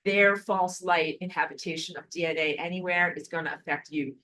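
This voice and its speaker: A woman's voice: on the low side, brisk, poor audio. Emphatic woman teaching a spiritual lesson. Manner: emphatic, animated, repeats words for stress. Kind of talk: recorded online lesson, answering viewer comments.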